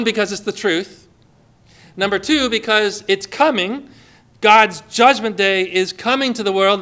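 A man's voice: sits high, sharp tone. A man preaching a sermon, emphatic and acting out the people he quotes. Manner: emphatic, acts out quoted voices.

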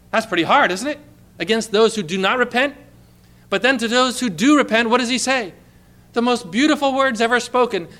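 A man preaching a sermon, emphatic, repeating key phrases and dropping to a hush for quoted lines. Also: high-pitched, moderate pace.

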